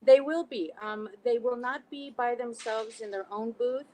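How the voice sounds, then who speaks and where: A woman's voice: a little high, unhurried, a little mellow, low-quality recording. A woman chatting casually as a podcast guest, talking about events with frequent "um" fillers. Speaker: podcast guest, cigar brand rep.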